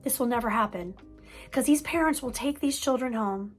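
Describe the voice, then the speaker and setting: A woman's voice: a little high, moderate pace, soft background music. A woman mental health counselor giving an earnest parent-coaching talk, stressing key points by repeating words. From United States.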